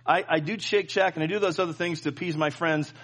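A middle-aged man preaching, his voice sitting high for a man. He tells a personal story with lots of fillers, restarts and playful asides. He keeps pulling the congregation in with him. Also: steady tone, quick pace, a bit bright. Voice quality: plenty of filler and restarts, jokey. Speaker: pastor. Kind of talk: sermon.

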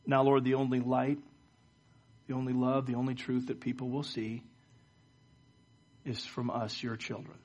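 The speaker is a middle-aged pastor at a church service, preaching, leading a prayer, and telling stories while often stammering on repeated words. His mid-range voice is a little mellow, with a completely flat delivery, normal speed and long pauses.

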